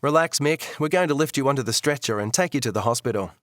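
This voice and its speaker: A man playing a paramedic who speaks calmly and reassuringly. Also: mid-range voice, fast, dry recording, studio quality, lightly acted. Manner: calm and reassuring.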